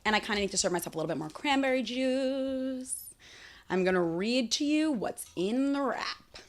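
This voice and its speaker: A woman's voice: on the high side, lively intonation, normal speed. A young woman hosting a casual solo podcast, chatting enthusiastically about food and talking to her cat between bites. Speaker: podcast host. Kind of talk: casual solo chat while eating.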